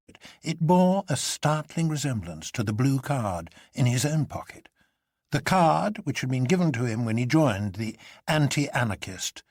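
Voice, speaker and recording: A man reading a novel aloud in scripted narration, measured and expressive. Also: medium pitch, dry recording, studio quality.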